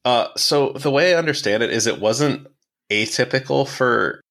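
A man's voice: mid-range voice, normal speed, creaky, fairly bright tone. A man hosting a podcast, telling a history story in a casual, explanatory way with dry asides. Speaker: podcast host.

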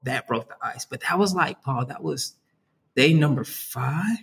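A man's voice: mid-range voice, lively intonation, measured pace, gravelly, a bit bright, breathy edge. Upbeat man who keeps saying "man". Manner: earnest, upbeat, says "man" and "right" often. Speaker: youth worker, guest. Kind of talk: conversational interview.

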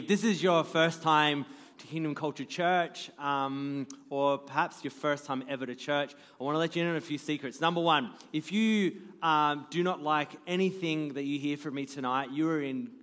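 A man's voice: a little high, steady tone, normal speed, fairly bright tone, in a large hall. A man in his thirties preaching as a guest pastor, joking and self-deprecating as he tells stories about his family. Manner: jokey, self-deprecating storyteller. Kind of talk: sermon. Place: church stage.

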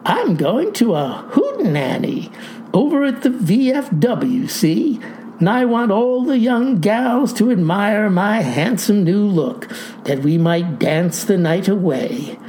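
A woman doing a sly older farmer, folksy and breezy, playing innocent in a storybook tale. He speaks slowly and with a lively swing in pitch, in a mellow voice. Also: a little hiss or hum. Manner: folksy, airy and innocent-sounding.

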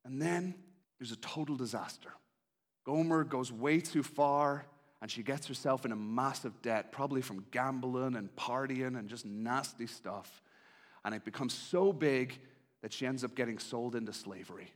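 A man preaching a sermon in a conversational, animated storytelling style. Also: medium pitch, moderate pace. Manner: animated, conversational, acts out characters.

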